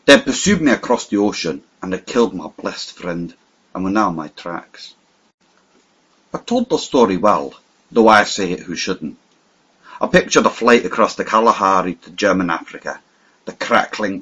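A man narrating an audiobook in a measured, vivid storytelling manner. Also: low-pitched, a bit bright, husky. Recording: slightly muffled lo-fi recording.

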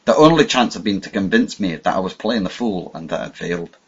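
Male audiobook narrator, lowish husky voice, measured dramatic delivery; muffled recording. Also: animated. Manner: measured, dramatic first-person reading. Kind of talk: scripted narration. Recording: dull lo-fi audio.

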